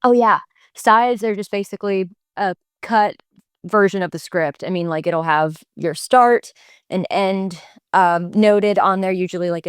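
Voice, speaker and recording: A woman in her twenties chats animatedly as a podcast guest, full of fillers and restarts. Her voice sits on the low side and comes across smooth and clear. The sound is close and dry. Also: no echo. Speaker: actor guest. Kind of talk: casual interview storytelling. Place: podcast studio.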